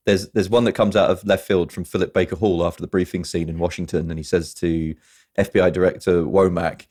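A man's voice: sits low, a little fast. A man hosting a casual film podcast, retelling movie scenes and quoting lines with enthusiasm. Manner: animated storyteller, retells scenes with quoted lines. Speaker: podcast host.

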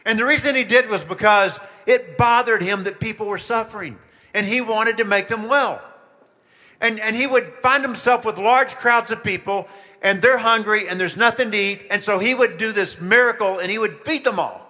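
A man with a high, bright voice leads a children's sermon, telling the story with animated emphasis and asking his listeners questions. His voice rings out with the long reverb of a church hall. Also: normal speed. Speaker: pastor.

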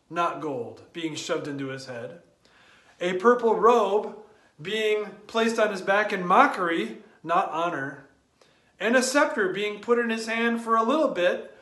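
A man giving a spoken daily devotion, talking in a slow, deliberate and reflective way. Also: sits high, fairly bright tone, reverberant. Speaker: devotional speaker.

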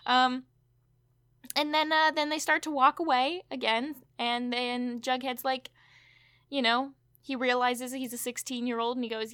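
A woman's voice: a little high, steady tone, moderate pace, pushed and bright, smooth, no echo, studio quality. A woman co-hosting a podcast, recapping a TV episode in casual chat with chatty asides and fillers. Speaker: podcast co-host.

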